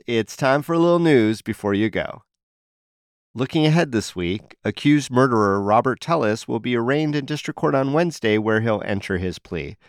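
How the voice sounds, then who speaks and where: A man's voice: fairly low pitch, no echo, studio quality. A man hosting a local news podcast, interviewing a guest and reading news and listener messages in a playful, upbeat way. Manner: playful, upbeat host patter. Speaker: podcast host.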